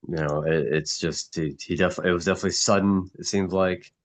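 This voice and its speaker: A middle-aged man in a casual group chat, grieving and somber, talking haltingly with many restarts. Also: sits low, fairly even intonation. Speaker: mastermind group member.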